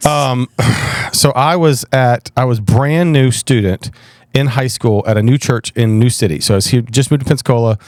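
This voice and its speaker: A man, talking at a middle pitch in a dry, close recording. He tells stories in an animated, self-deprecating way and often restarts his sentences. He sounds relaxed, as in a casual chat. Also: normal speed, dry recording. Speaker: pastor guest.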